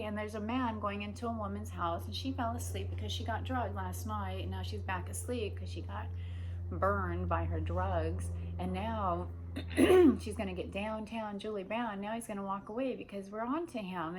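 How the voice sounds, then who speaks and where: A woman's voice: mid-range voice, a little hiss or hum, low-quality recording. A woman hosting an unscripted monologue who rambles and jumps between ideas. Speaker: host.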